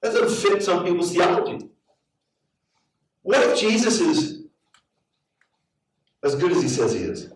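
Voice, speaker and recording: A middle-aged man preaches, animated and story-driven, stumbling over repeated words as he builds up. His voice sits fairly high for a man. It comes from well off the microphone in a very echoey church hall. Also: measured pace, pauses often, far from the mic. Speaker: pastor. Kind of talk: sermon with storytelling. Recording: very echoey hall, heard from afar.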